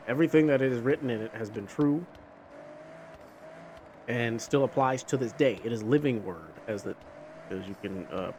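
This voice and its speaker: A young man hosting a gaming video, talking casually and earnestly about faith while he drives, full of restarts and fillers. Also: medium pitch. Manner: rambling and conversational, with many restarts and fillers. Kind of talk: casual chat while playing a driving game. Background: faint car engine and road noise from a game.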